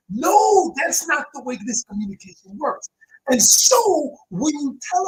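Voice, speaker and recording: A man's voice: very high-pitched, sing-song, a little slow, low-quality recording. A man giving an emphatic teaching talk as a relationship coach, repeating key phrases and speaking straight to his listeners.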